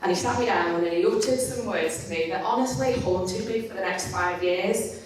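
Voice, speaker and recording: A woman's voice: mid-range voice, normal speed, a little hiss or hum. A woman giving a storytelling talk at a conference. She is candid and self-mocking and swears casually. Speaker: conference speaker. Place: conference stage in a large hall. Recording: echoey hall, mic at a distance.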